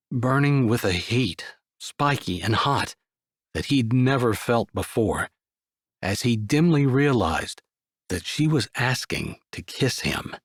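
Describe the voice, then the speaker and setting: A man narrating a romance audiobook in a calm, measured way. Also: lowish voice, breathy edge, dry recording, clean studio sound. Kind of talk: scripted narration.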